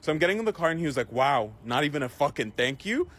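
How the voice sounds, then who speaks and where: A man telling a story in a quick clip, acting out the voices of the people in it and swearing freely. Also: on the high side. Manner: animated, acts out quoted voices, swears freely. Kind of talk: casual storytelling.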